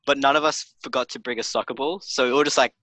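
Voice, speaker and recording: A man's voice: mid-range voice, fairly even intonation, quick pace, fairly bright tone, dry recording. A young man rambling through a story in casual chat, full of "like".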